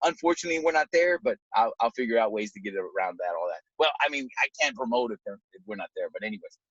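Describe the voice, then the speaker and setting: A man with a husky, slightly raised voice talks to his team like a motivational sales coach. His pitch swings up and down as he hammers points home again and again. The sound is dry and a little dull, like a lo-fi home recording. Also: fast, dry recording. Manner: animated, repetitive, pep-talk delivery. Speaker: network marketing trainer.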